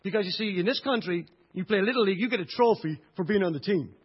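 A middle-aged Irish man preaching a sermon with passion, swinging between loud outbursts and hushed moments. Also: sits high, fast, breathy edge. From Ireland. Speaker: pastor. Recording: dull lo-fi recording.

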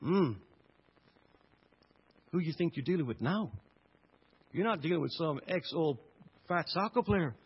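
A middle-aged Irish man preaching a sermon with passion, swinging between loud outbursts and hushed moments. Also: a little high, big pitch swings, unhurried, pauses often, slightly rough. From Ireland. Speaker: pastor. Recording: dull lo-fi recording.

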